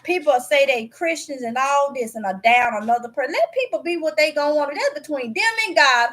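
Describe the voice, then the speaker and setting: A woman with a Mississippi Southern accent talks straight to her viewers in a high, bright-pitched voice. She is chatty and candid, telling stories in a folksy home dialect. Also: expressive, brisk, hardly any pauses. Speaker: vlogger. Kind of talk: casual storytelling to camera.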